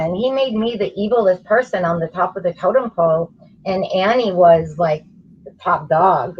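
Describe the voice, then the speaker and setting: A woman guest on a livestream panel with a husky voice, blunt and sarcastic in casual gossipy chat. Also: lowish voice, lo-fi sound.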